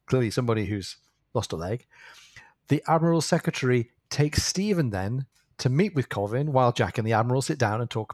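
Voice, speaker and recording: Guy on a book podcast, mid pitch, thinking out loud, dry no-room sound. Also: no echo. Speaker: podcast co-host. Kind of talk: casual book discussion.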